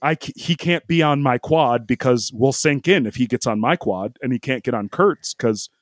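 A man's voice: medium pitch, moderate pace, dry recording, studio quality. A man telling a travel story in a casual chat, rambling with lots of fillers, laughing often and acting out quoted lines.

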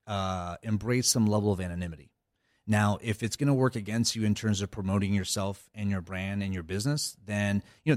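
A man speaks as an interview guest in a low, deep voice. He rambles, restarting phrases and leaning on fillers. The sound is dry and close. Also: darkish tone, no room sound. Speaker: cybersecurity guest. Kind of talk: casual interview talk.

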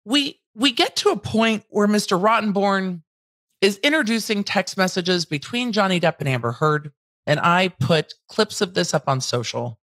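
A woman hosting a casual, candid trial recap, blunt enough to swear and acting out quotes with lively emphasis. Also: mid-range voice, normal speed, dry recording. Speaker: legal commentary host.

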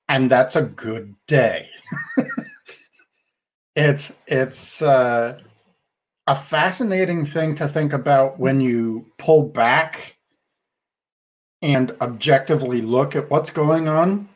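A man speaks in an unhurried, measured way in a casual podcast chat, at a moderate pitch. He thinks aloud, circling back and restarting phrases as he builds his point. His tone is reflective and conversational. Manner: deliberate, reflective, with frequent restarts. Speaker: podcast co-host.

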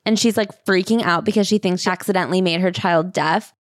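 Young woman cohost, wry and incredulous, reads bits out loud, no room echo. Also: on the low side, fairly quick. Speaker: podcast co-host. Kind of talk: casual comedic recap chat.

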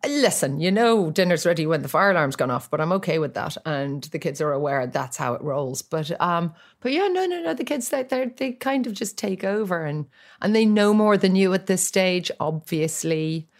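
Gravelly, low-voiced woman telling funny stories. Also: moderate pace. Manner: animated storyteller, acts out voices for comic effect. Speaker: guest. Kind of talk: casual chat.

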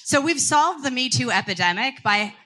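Bright woman making a cheeky pitch. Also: animated, normal speed. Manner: cheeky, punchline-driven. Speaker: startup founder giving a pitch. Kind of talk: quick elevator pitch.

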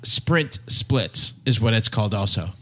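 A man's voice: on the low side, lively intonation, measured pace, fairly bright tone. A man hosting a casual podcast chat, rambling with lots of fillers and joking around. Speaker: podcast host.

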